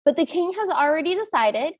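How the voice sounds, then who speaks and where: High-voiced giggly woman podcast co-host. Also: very animated, a little fast, dry recording, studio quality. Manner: giggly, laughs often while talking. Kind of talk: casual chat recapping a film.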